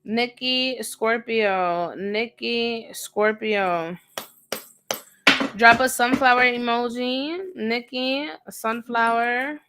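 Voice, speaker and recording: A woman's voice: on the high side, drawn-out words, heavy background noise. A woman hosting a livestream tarot reading, talking bluntly in slangy, casual speech and repeating phrases for emphasis.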